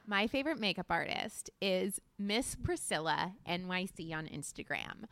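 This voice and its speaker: A woman's voice: lowish voice, expressive, moderate pace, a bit bright, dry recording. A woman in her twenties co-hosting a podcast, rambling and giggly with crude humor. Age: 20s. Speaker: podcast co-host. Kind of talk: casual chat.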